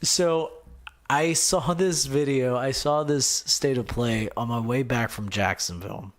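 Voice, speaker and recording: A young man talks through a casual gaming podcast on his own, rambling and restarting his sentences. His voice sits at an ordinary pitch, but it jumps up into loud, excited outbursts and then drops back to low, quiet muttering. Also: a little slow. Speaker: podcast host.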